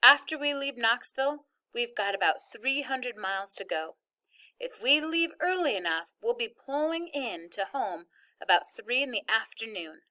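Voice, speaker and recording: A practical, organized mother walks through the plans in a steady, matter-of-fact voice, as a woman reading a novel aloud voices her. The tone is bright and sits fairly high. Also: normal speed.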